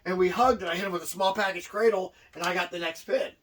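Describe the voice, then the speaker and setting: A man co-hosting a podcast, telling stories in a lively, animated way with frequent restarts. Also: high voice, fast talker, distant mic, a little hiss or hum, low-quality recording. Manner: animated, repeats and restarts words as he tells stories. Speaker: podcast co-host, wrestler. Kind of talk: casual storytelling chat.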